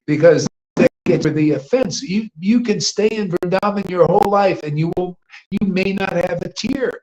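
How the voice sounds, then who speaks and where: Leading a chanting gathering, a high-voiced man delivers a loose devotional sermon full of "man" and "you know." He rambles with emphasis, going quiet for hushed asides and breaking into loud outbursts. The recording quality is low.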